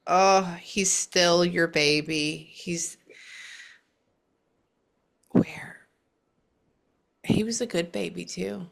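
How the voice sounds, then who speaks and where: A woman giving a spirit reading, her voice sitting fairly low with a rough, gravelly fry running through it. She talks earnestly and reassuringly, often stopping mid-thought to pause or add an aside. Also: fairly bright tone. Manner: earnest and reassuring, relaying messages aloud; halting, with frequent pauses and asides. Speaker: psychic medium. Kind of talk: spirit reading session with a client.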